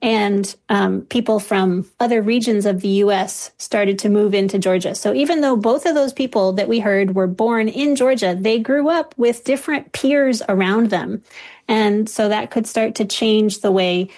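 A woman linguist as a radio interview guest, explaining accents in a measured, academic way with frequent fillers. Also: mid-range voice, a little mellow.

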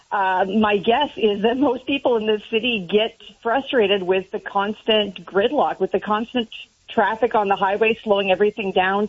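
A woman's voice: medium pitch, husky, muffled recording. A woman guest in a radio interview, speaking steadily and thoughtfully with many fillers. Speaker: transit advocate guest.

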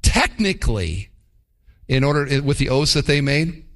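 A man preaching a sermon to his congregation, emphatic and animated, acting out quick mock quotes. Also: mid-range voice. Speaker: pastor.

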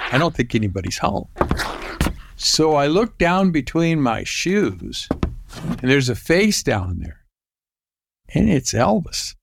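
An older man from Southern California recounts a memory in a loose, rambling way. His pitch sits in a middling range, and he jumps upward whenever he acts out someone's words. Soft music plays faintly behind him. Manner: rambling, lifts his voice to act out quoted lines. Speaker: storyteller. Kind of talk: personal anecdote.

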